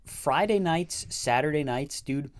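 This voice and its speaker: A man's voice: on the high side, animated, a little slow, no room sound. A man co-hosting a podcast in casual chat, reacting with disbelief to his partner's stories. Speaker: podcast co-host.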